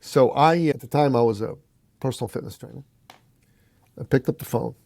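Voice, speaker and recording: A man's voice: mid-range voice, a little fast, gravelly, darkish tone, dry recording. A man as a podcast guest, telling a motivational story in an emphatic, punchy way and challenging the listener.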